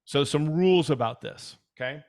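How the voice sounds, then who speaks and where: A man's voice: a little high, normal speed, darkish tone. Emphatic man advising on dental insurance. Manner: emphatic, repeats words, acts out quoted clients. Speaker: dental practice consultant. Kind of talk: casual advisory talk.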